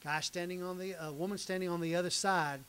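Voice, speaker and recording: A man's voice: high-pitched, steady tone, quick pace, fairly bright tone, clean tone, poor audio. Older man teaching Bible class. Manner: folksy and conversational, repeats phrases for emphasis, jokes with the class. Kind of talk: Bible class teaching, reading and explaining scripture.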